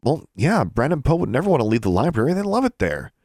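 An earnest young schoolgirl in a storybook, lifted well above a man's pitch and full of questions. She sounds polite but unsure of herself, as a male narrator puts her on. The sound is close and dry. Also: big pitch swings, fast talker, darkish tone, no room sound. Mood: uncertain. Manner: uncertain, questioning.

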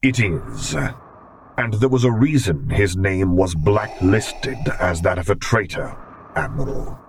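A man reading a rumbling dark lord. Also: a little slow, creaky, slight background noise. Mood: curt. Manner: low rumbling, curt. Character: menacing male dark lord, rumbling and growling.

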